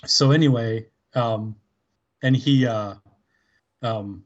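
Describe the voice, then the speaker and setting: Male podcast co-host, casual, slow and meandering, muffled lo-fi audio. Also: mid-range voice. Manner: rambling, full of fillers, puts on voices. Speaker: podcast co-host recapping an episode. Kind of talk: casual chat.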